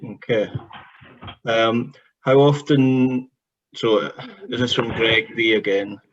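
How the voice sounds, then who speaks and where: A man hosting an online chat show, reading viewer questions to his guests in a relaxed way. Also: mid-range voice, slow, a little hiss or hum. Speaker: host. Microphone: video call. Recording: dull lo-fi video call audio.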